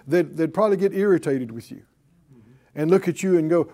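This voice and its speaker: Man, pastor, high pitch, sermon, call-and-response, emphatic, repeats phrases. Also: expressive, a little fast, warm tone. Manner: call-and-response preaching with rhetorical questions.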